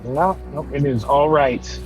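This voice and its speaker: A man's voice: medium pitch, a little slow, music in the background. A man co-hosting a podcast, chatting in a laid-back way with dry teasing. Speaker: podcast co-host. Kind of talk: casual chat. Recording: dull lo-fi sound.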